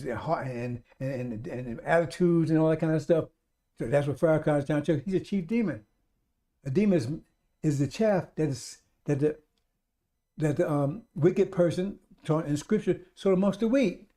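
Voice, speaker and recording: A man preaches a live-streamed radio sermon, addressing his listeners as brothers and sisters. His voice is a touch high yet dark and warm, and he drives each point home again and again with emphatic, insistent preaching.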